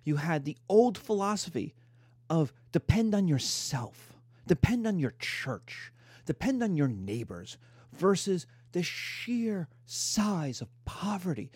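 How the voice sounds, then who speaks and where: A middle-aged man giving a lively, emphatic history lecture. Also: high-pitched, breathy edge, no room sound. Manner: animated, emphatic, mimics voices in quotes.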